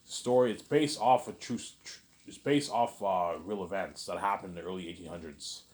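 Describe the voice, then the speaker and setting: Very low-voiced man rambling late at night. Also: normal speed, a little mellow. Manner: meandering, repeats himself, says "obviously" often. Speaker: vlogger.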